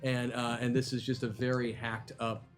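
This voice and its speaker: A man acting as game master in a live tabletop role-playing stream, narrating in a relaxed way with lots of fillers. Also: mid-range voice, moderate pace. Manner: easygoing, laid-back narration with fillers.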